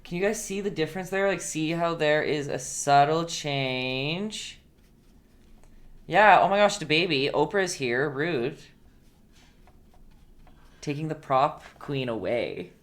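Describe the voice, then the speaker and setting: A woman's voice: deep voice, expressive, slow pace, long pauses. A woman hosting a casual live-stream painting lesson, chatty and playful, laughing often and talking back to her viewers.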